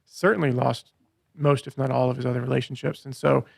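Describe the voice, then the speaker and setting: A man's voice: medium pitch, level tone, brisk, gravelly, no echo, studio quality. A man co-hosting a podcast, recapping scenes in a casual chat and quoting lines with playful voices. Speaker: podcast co-host.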